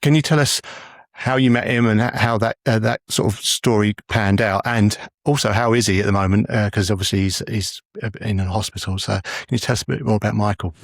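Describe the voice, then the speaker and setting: A man's voice: on the low side, steady tone, brisk, no room sound, studio quality. A man hosting a podcast and asking questions in a hesitant way, with many fillers and restarts. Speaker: podcast host. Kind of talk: casual interview.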